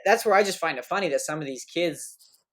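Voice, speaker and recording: A man's voice: on the high side, expressive, fairly quick, a bit bright. A man hosting a podcast in casual chat, rambling and slangy, with many fillers and restarts. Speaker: podcast host.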